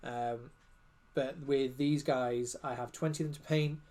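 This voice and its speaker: A man chatting casually and rambling as he paints, with self-mocking quiet asides. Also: medium pitch, steady tone, unhurried. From Cheshire, England. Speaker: co-host, miniature painter. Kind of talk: casual chat while painting on stream.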